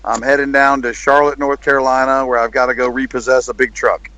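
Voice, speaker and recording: A man's voice: mid-range voice, flat delivery, fairly quick, bright, forceful tone, poor audio. A man talking as a podcast guest over a call from his car, laid-back and casual, often calling people "man". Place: car in the rain.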